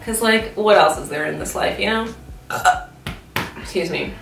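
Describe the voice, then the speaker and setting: A woman's voice: mid-range voice, normal speed, vocal fry, a bit bright, soft background music. A young woman chatting casually in a vlog while eating, talking with her mouth full and swearing freely. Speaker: YouTube vlogger. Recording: roomy echo, mic at a distance.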